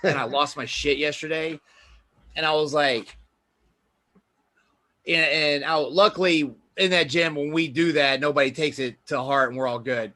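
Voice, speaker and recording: A man's voice: a little high, fairly even intonation, normal speed, sharp tone. A man hosting a casual podcast, a personal trainer ranting about gym manners in profane, heated bursts and acting out arguments.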